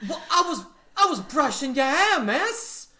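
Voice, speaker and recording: A man doing a shrill, cursing young maid. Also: very animated, measured pace, bright, forceful tone, heavily acted. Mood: indignant. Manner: indignant, cursing. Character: cranky young human maid, foul-mouthed.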